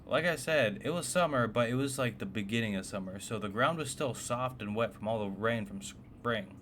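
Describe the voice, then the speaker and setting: A man's voice: medium pitch, moderate pace, fairly bright tone. A man casually narrating a personal story, blunt and swearing often, with a faintly noisy background. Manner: blunt, profane, exasperated.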